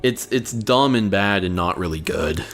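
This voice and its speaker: A man's voice: deep voice, expressive, normal speed, a bit bright, faint music behind. A young man co-hosting a podcast in casual chat, sardonic and crude, often stumbling over his words. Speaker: podcast co-host.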